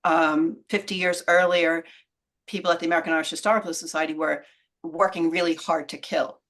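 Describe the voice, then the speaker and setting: A woman with a fairly low voice explains history to an interviewer over a video call. She is thoughtful and unhurried, and she sometimes stops herself mid-sentence before picking the thread back up. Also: steady tone, fairly bright tone. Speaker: author and guest.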